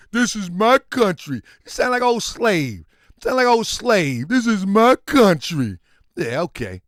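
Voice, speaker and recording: A man holds forth on his commentary show, driving his points home with repeated rhetorical questions. His voice sits high and swings widely in pitch, and the recording is dry with no room echo. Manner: preachy, emphatic, repetitive, drawls rhetorical questions. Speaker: host of a commentary channel. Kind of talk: impassioned commentary monologue.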